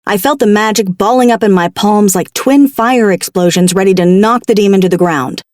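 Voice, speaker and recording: A woman narrating a paranormal romance audiobook in the first person, with a wry, expressive delivery. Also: medium pitch, normal speed, dry recording, clean studio sound.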